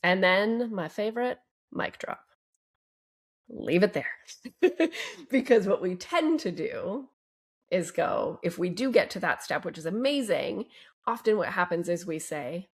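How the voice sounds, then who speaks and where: A woman relationship coach speaking as a guest on a podcast interview, upbeat and expressive. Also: medium pitch, unhurried. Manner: upbeat and expressive, fond of gentle emphasis.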